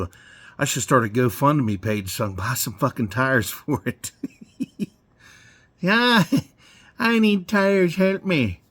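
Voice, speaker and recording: Rambling man in his forties, slow talker. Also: mid-range voice. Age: 40s. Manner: rambling, swears often, chuckles. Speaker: garage vlogger. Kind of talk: casual rambling vlog. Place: home garage.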